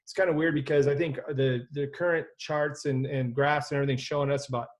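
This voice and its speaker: A man's voice: on the high side, steady tone, fast. A man who owns a health business, speaking earnestly in a casual conversation and sometimes searching for words. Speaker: business owner.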